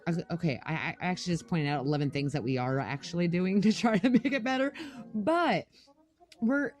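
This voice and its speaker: A woman's voice: lowish voice, fairly quick, darkish tone, soft background music. A young adult woman co-hosting a podcast, ranting angrily with lots of swearing in casual chat. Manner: angry, profane ranting. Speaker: podcast co-host.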